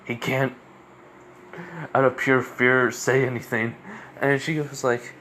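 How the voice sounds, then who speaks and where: A man casually talks his way through a fan story, rambling and restarting often. His voice sits at an average pitch. A faint hiss lies behind him. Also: flat delivery, slow, bright, forceful tone. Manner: rambling, many fillers and restarts.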